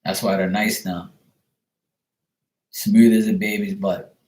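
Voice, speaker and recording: A man's voice: fairly low pitch, flat delivery, takes it slowly, a little mellow, roomy sound. A man hosting a casual livestream chat, talking in a joking, crude, rambling way. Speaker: livestream host.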